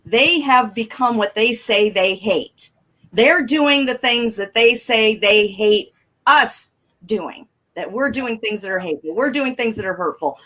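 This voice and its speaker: A middle-aged co-host on a casual talk show tells chatty, animated stories with laughter in her voice. Her slightly high pitch rises and falls a great deal, she speaks a little slowly, and the audio is poor.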